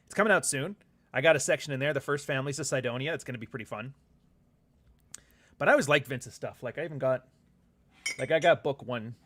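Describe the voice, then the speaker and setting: A man's voice: medium pitch, fast talker, pauses often, a bit bright. Rambling, profane man chatting casually. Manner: rambling and profane, with frequent laughs; reads viewer comments aloud. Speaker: author and livestream host. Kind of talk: casual livestream chat.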